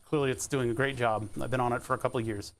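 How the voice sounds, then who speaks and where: A man's voice: medium pitch, steady tone, fast talker. A man streaming live, chatting casually and thinking aloud as he pedals an exercise bike, laughing often. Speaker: Twitch streamer.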